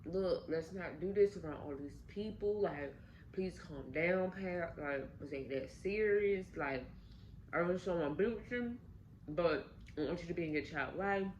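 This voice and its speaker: A woman's voice: lowish voice, a little slow, darkish tone, dull audio, slight background noise, close to an everyday voice. A woman voicing a young pregnant woman who firmly sets limits with her ex. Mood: calming. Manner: firm, dismissive.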